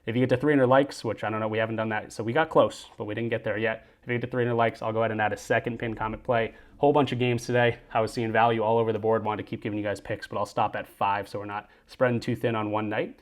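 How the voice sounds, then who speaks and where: A man hosting a sports betting picks show, running quickly through his bets and plugging promo codes. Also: level tone. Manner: brisk, upbeat sign-off pitches. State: out of breath. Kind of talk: fast betting picks rundown.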